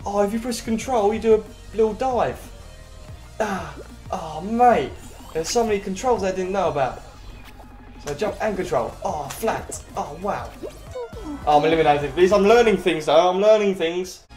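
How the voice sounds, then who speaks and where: A man giving casual commentary while he plays a video game, chatty and excitable. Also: high voice. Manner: excitable, chatty, quick cries and laughs. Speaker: gaming channel host. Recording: roomy echo, faint game music.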